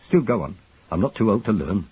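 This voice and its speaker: A man voicing a kindly but blunt older police superintendent who speaks plainly and gruffly. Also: fairly low pitch, very animated, brisk, dark tone, dull audio, full character voice.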